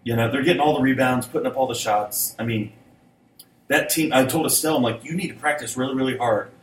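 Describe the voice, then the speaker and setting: A man's voice: mid-range voice, quick pace. A middle-aged man, co-hosting a podcast, rambling and often laughing in casual chat. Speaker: podcast co-host. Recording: roomy, distant mic with faint noise.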